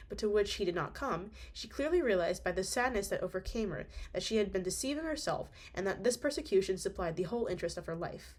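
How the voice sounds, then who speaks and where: A young woman reading a classic novel aloud, breaking off for slangy, chatty asides. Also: mid-range voice. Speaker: audiobook reader.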